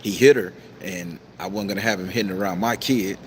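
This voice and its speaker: A man's voice: low-pitched, a little fast, in a large hall, slight background noise, natural voice. A man quoting a plain-spoken, down-on-his-luck man from his men's group in a matter-of-fact way, close to his own voice.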